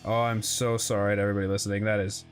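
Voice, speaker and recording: A man's voice: on the low side, little pitch movement, racing, soft background music. A man commentating his own video game play, exclaiming often and apologizing for how badly he plays. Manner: exclaiming, self-deprecating, apologetic. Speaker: gaming video host.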